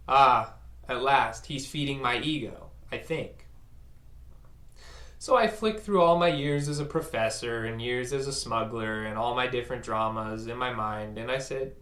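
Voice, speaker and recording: A man's voice: mid-range voice, unhurried, a bit bright. Man telling a story in a roomy space. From United States. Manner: conversational, self-mocking, voices the people in his story. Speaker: speaker recounting a personal story. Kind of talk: first-person storytelling talk. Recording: roomy echo.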